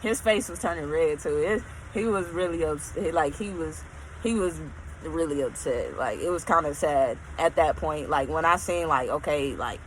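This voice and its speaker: A woman telling a casual storytime, animated and emphatic, often checking in with her listeners. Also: low voice, normal speed, slight background noise, poor audio.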